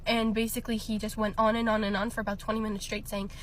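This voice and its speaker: A woman's voice: mid-range voice, little pitch movement, quick pace, slight background noise. A young woman telling a personal story in a casual storytime, chatty, laughing often and filling with lots of ums and likes.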